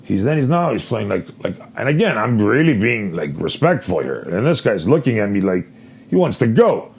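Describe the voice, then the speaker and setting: A man hosts a podcast on his own, spinning a long, rambling story full of swearing and animated retellings. His voice sits low and has a husky, gravelly rasp. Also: moderate pace. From Canada. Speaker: podcast host. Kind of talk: casual storytelling.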